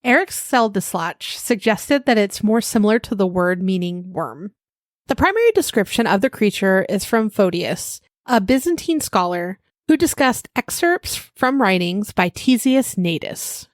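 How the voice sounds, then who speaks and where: A woman's voice: mid-range voice, sing-song, measured pace, no echo, clean studio sound. Chatty woman podcast co-host. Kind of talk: casual chat and reading research notes.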